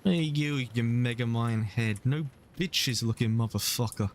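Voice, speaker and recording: A man's voice: mid-range voice, a little slow, a little hiss or hum. Joking, crude London man streaming a game. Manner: joking, crude, rambling with fillers. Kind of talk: casual game commentary.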